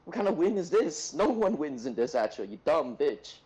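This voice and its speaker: A man's voice: a little high, big pitch swings, brisk, mellow, a little hiss or hum, poor audio. A man playing a tabletop game, ranting with raw emotion and heavy swearing in casual chat.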